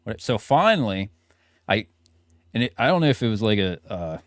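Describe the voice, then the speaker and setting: A man co-hosting a podcast, telling animated anecdotes in casual chat and swearing casually. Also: lowish voice, moderate pace, no echo, clean studio sound. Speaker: podcast co-host.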